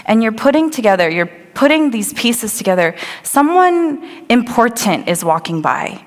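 A woman's voice: medium pitch, very animated, normal speed, hardly any pauses. A woman preaching a sermon, telling the scripture scene vividly and acting out the voices of the crowd. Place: church sanctuary. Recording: long hall reverb.

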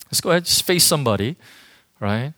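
A man's voice: mid-range voice, animated, a little fast, bright, forceful tone, dry recording, studio quality. A man giving an informal sermon to a youth group as their pastor, talking directly and emphatically to the audience.

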